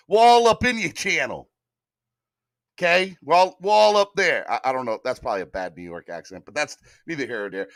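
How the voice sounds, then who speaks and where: A man hosting a sports live stream, talking in a hyped, animated way straight to his viewers. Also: mid-range voice, dry recording, clean studio sound. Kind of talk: casual live-stream chat.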